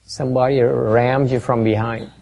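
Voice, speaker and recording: A man leads a meditation class in a gravelly voice with a dark, mellow tone. He talks haltingly, with many fillers, and keeps quizzing and teasing his listeners. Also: mid-range voice, level tone, poor audio. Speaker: meditation teacher. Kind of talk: dharma talk to a class.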